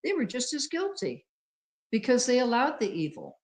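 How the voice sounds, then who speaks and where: A woman's voice: a little high, sing-song, normal speed. A woman co-hosting a talk show, earnest and explanatory, who calls people honey. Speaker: co-host. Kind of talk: casual talk show commentary.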